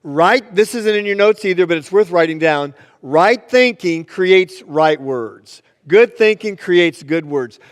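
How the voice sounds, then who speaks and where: A man preaching from the pulpit with a notably high voice. His sermon rings through a church sanctuary with a long reverb tail, and he moves easily into storytelling, acting out the people in his stories. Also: expressive, unhurried, hardly any pauses, clear, resonant tone. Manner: storytelling, plays the joke with voices. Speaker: pastor.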